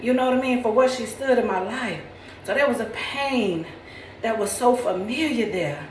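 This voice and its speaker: Tearful woman testifying to camera, high and impassioned, recorded in an echoey space from a little distance. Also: animated, normal speed, slight background noise. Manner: preacherly, calls listener "baby", rises into near-shouting praise.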